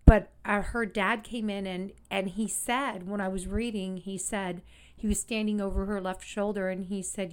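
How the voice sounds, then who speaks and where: A woman chatting on a podcast, her voice at an ordinary middle pitch. She tells stories in a rambling, emphatic way and stresses her words by repeating them. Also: steady tone, normal speed, smooth. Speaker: psychic medium guest. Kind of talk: casual podcast chat.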